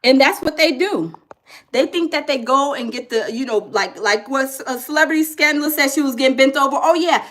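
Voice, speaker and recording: A woman hosting a gossip reaction show, animated and laughing as she talks straight to her viewers. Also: high voice. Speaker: commentary host.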